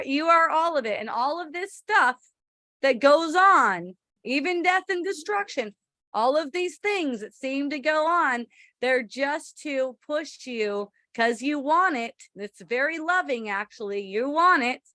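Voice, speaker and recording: A woman with a high voice gives casual spiritual talk to a listener. She rambles, swears offhandedly and laughs easily. The sound is dry, with no room echo. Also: fairly bright tone. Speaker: spiritual teacher answering a listener.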